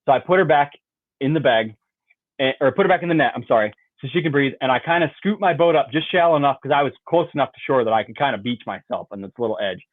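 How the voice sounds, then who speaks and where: Male podcast guest, mid-pitched, rambling storyteller who mimics sounds; tinny, dry phone-like remote line. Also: animated, quick pace, dry recording. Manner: rambling, fills with "like" and "you know", mimics sounds. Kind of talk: animated storytelling.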